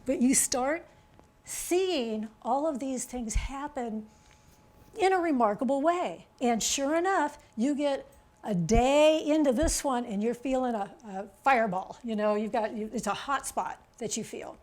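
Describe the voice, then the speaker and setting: A woman author giving a chatty, animated presentation to an audience, pointing things out on a chart and checking in with "okay?". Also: high-pitched, unhurried. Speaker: author giving a public talk.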